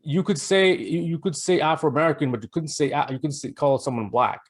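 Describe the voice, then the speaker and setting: A man co-hosting a podcast, telling stories in a halting, hesitant way with many fillers. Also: on the high side. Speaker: podcast co-host. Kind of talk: casual political chat.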